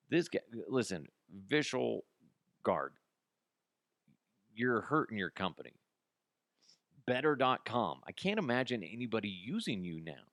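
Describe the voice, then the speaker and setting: A man's voice: lowish voice, big pitch swings, a little slow, pauses often, a bit bright, no room sound, clean studio sound. A man hosting his own podcast, ranting in a blunt, mocking way with lots of restarts. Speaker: podcast host. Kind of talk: casual solo podcast rant.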